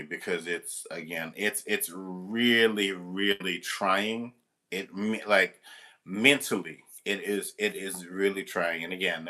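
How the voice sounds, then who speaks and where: A man with a low but bright, forceful voice tells a story straight to the camera. He works as a substitute teacher and talks casually, rambling and restarting, with plenty of swearing thrown in.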